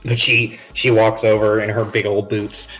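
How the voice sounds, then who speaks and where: A man's voice: fairly low pitch, level tone, normal speed, fairly bright tone, soft background music. A man narrating a tabletop game as game master on a live stream, in a loose and rambling way with many restarts.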